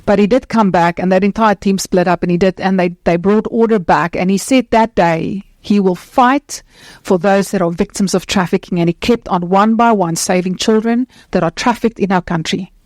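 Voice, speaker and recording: A woman speaking on a conference stage as the founder of an anti-trafficking charity. She talks passionately and earnestly, in quick bursts with many restarts. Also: mid-range voice, a little mellow, no echo. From South Africa.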